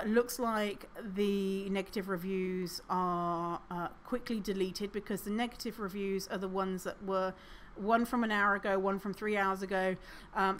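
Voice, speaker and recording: A woman's voice: mid-range voice, fairly bright tone. A woman hosting her own podcast, chatting casually, reading reviews aloud with sarcasm and frequent swearing and laughter. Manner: laughs often, chatty with many fillers. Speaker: podcast host. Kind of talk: casual solo podcast commentary.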